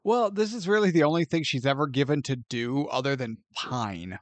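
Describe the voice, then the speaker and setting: A man co-hosting a podcast, chatting casually about a movie in an animated, joking way. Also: medium pitch, moderate pace, dry recording. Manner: animated and joking, often laughs and acts out scenes. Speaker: podcast co-host. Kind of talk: casual movie review chat.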